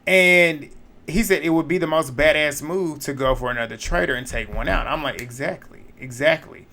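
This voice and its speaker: A man recapping a reality show in casual commentary, blunt, opinionated and quick to swear. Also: a little high, gravelly, bright, forceful tone, a little hiss or hum.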